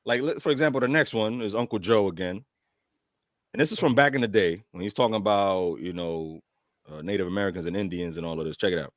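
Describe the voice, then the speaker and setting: A man co-hosting a reaction show, talking casually in lively slang. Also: deep voice, fast, no echo, studio quality. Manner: lively, slangy, laughs often.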